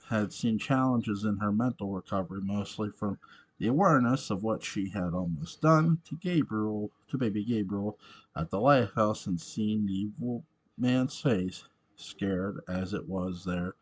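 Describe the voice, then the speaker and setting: A man reading a story aloud in a halting way, often stumbling over words. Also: fairly low pitch. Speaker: reader of fan fiction. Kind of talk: amateur book reading.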